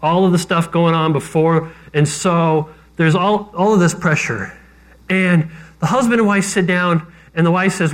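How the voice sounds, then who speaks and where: A man's voice: fairly high pitch, measured pace. A man preaching a sermon as pastor, talking conversationally with self-deprecating jokes.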